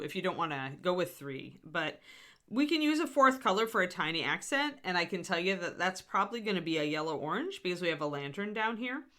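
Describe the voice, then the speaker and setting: A woman's voice: low-pitched, a bit bright. A middle-aged woman hosting a live miniature painting tutorial, chatty and self-deprecating, talking through her steps with scattered asides. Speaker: host.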